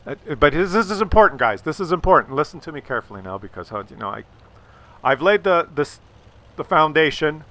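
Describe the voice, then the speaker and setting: Speaking a little fast with big swings in pitch, this middle-aged man runs his own channel and gives viewers sly, conspiratorial tips, stammering and cursing freely. His somewhat high voice comes across bright and forceful.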